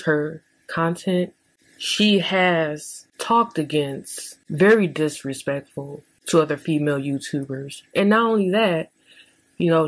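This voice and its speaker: A woman giving critical vlog commentary in a measured, deliberate and halting way. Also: sits low, dry recording, poor audio. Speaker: YouTube commentator.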